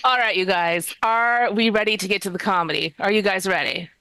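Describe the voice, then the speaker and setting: A woman's voice: medium pitch, fairly quick, bright, forceful tone, smooth, no room sound. A woman hosting a live comedy show, upbeat and chatty, with a teasing manner.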